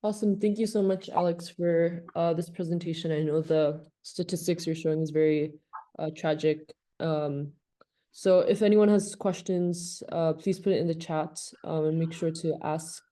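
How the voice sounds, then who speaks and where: A woman's voice: low voice, fairly even intonation, normal speed, mellow. A woman hosting an online gathering over a video call, asking questions with many fillers. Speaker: host.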